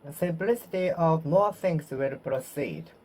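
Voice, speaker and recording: A woman whose first language is Japanese, speaking English to herself in a slow self-study monologue, repeating words and correcting her phrasing. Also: low-pitched, darkish tone. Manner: slow, repetitive, self-correcting practice speech. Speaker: vlogger practicing English.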